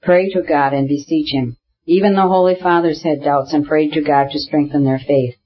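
A man voicing an elderly, good-natured priest who speaks in a hurried, customary recitative in a storybook reading. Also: a little high, steady tone, husky, lo-fi sound.

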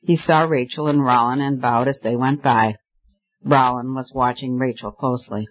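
Guy reading an old novel aloud, steady, average pitch, kinda muffled audio. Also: normal speed. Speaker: audiobook narrator. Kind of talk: scripted narration. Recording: slightly dull lo-fi recording.

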